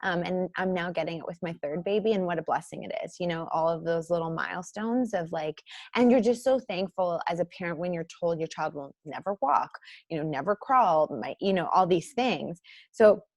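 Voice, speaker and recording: A woman in her thirties, a podcast guest and author, telling her story candidly with lots of "um" and "like", getting animated as she acts out what people said. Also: normal speed, no echo, studio quality. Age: 30s. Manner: chatty, frequent fillers like "um" and "like"; animated when acting out quotes, jumps high and loud.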